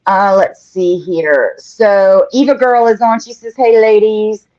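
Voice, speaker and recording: A woman hosts a live painting show, chatting casually and reading viewer comments aloud while she works. Her voice is medium-pitched, steady, slow and a little mellow, and the livestream audio is dull and lo-fi.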